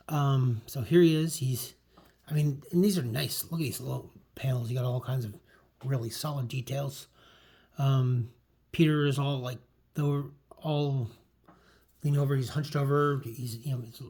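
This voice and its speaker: A man's voice: mid-range voice, a little mellow. A man casually talking through an old comic book, rambling with lots of fillers and restarts. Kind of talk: casual chat.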